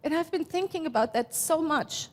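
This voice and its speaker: A woman in her fifties from Germany, speaking with a German accent as she gives a slow, reflective, heartfelt sermon as minister. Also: sits high, expressive. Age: 50s. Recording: long hall reverb.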